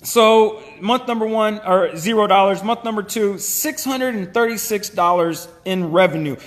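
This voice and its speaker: An animated man tells his story in a casual way, often restarting and acting out old conversations. His voice sits high for a man, and a long reverb trails behind him in the room. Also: normal speed. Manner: animated, restarts and acts out past dialogue. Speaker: small business owner telling his faith story.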